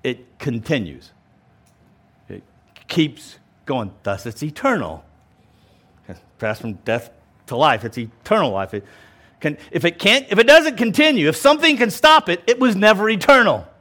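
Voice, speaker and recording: A man preaches a verse-by-verse Bible lesson in a fairly high voice that leaps up and down as he stresses points. He explains things over and over with casual asides and restarts mid-sentence. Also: a little slow. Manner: animated, emphatic, explains and repeats points. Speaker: pastor. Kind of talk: verse-by-verse Bible teaching sermon.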